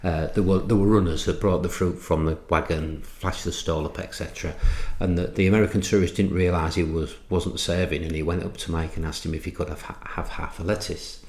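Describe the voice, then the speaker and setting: A middle-aged man from England, an entrepreneur and author, telling anecdotes in a podcast interview, halting with restarts and fillers. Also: low-pitched, fairly even intonation, darkish tone, echoey room.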